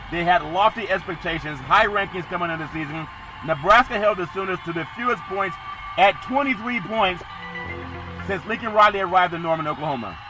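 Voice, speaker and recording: A man hosting a sports podcast, previewing college football games with excitable, emphatic bursts. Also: high-pitched, low-quality recording.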